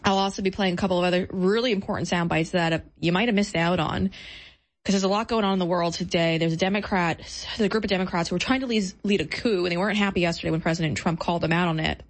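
Brisk, combative woman talk-show host. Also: fairly low pitch. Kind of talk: political talk show monologue.

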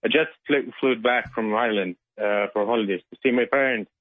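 A male radio caller, excited and shaken, speaking haltingly. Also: mid-range voice, no echo. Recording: tinny phone line.

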